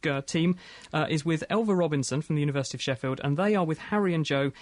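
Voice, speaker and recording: A man hosting a live science radio show, brisk and emphatic with guests. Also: a little high, no echo. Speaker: radio host. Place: radio studio.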